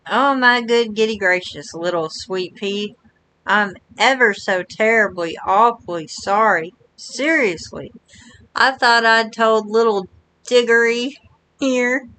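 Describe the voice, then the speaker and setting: A woman's voice: medium pitch, bright, forceful tone, slight background noise, poor audio. Woman reading a gushing sweet magician. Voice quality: flowery, overly sweet manner. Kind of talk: reading game dialogue aloud.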